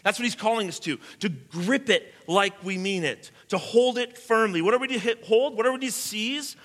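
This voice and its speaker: Man preaching, bright high voice, emphatic, long hall reverb. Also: moderate pace. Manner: emphatic preaching, swings between soft and loud. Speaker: pastor. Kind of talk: sermon.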